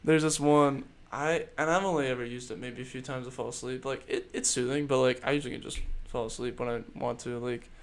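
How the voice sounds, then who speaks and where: A young man talks loosely on his podcast, circling his point with fillers and restarts. His voice sits at an everyday middle pitch. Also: steady tone, fairly quick, few pauses. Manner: rambling, many fillers. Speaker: podcast host. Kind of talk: casual chat.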